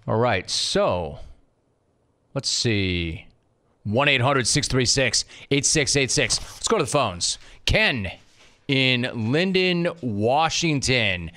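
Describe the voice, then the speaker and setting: A man hosting a sports talk radio show, riffing in an animated way and mock-scolding his producer. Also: medium pitch.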